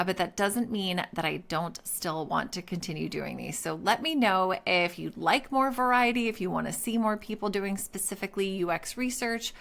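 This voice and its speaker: A woman's voice: mid-range voice, gravelly, fairly bright tone. A woman hosting a design channel, opening in a bubbly, chatty way and tripping over her words now and then. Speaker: host. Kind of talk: casual vlog intro to camera.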